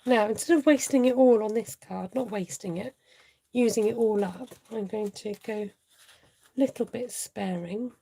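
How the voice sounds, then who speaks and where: A mellow-voiced woman hosts a relaxed live crafting demo. She chats to viewers and thinks aloud as she works, in an easy, rambling way. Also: on the high side, moderate pace, breathy edge. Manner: chatty, thinks aloud, greets viewers, often laughs. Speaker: crafting tutorial host.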